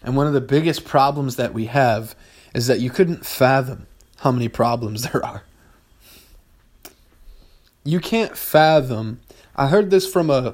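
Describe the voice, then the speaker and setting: Swearing young man musing aloud. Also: mid-range voice. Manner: rambling, heavy swearing, bursts of exasperation. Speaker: podcast host. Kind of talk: casual philosophical monologue.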